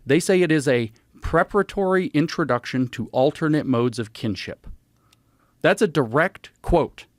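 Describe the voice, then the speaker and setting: A man talking as a podcast guest, explaining ideas emphatically and citing sources in animated conversation. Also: on the high side, normal speed, no room sound, studio quality.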